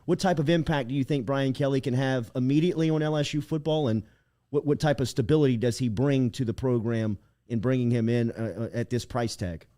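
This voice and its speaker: A man hosting a sports talk show, asking quick questions and giving short affirmations. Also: medium pitch, mellow. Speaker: show host.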